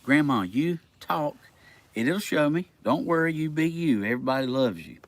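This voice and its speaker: A man filming his grandmother and gently encouraging her. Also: fairly high pitch, animated, moderate pace, no echo. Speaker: family member filming.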